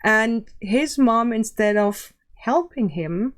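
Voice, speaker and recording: A woman's voice: on the high side, lively intonation. Plain-spoken woman YouTube commentator. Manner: measured, plain-spoken critique. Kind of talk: casual commentary.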